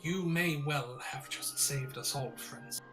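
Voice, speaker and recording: A man's voice: a little high, slow, music in the background. A man voicing a stern, commanding woman archmage who speaks in clipped, formal sentences. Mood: measured formal.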